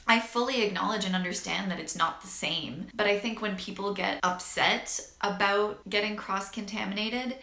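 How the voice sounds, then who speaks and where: A young woman in her twenties, medium-pitched with a pushed, bright voice, vlogs candidly about her health in an echoey room. She fills her casual talk to camera with "like," becomes emotional, and laughs.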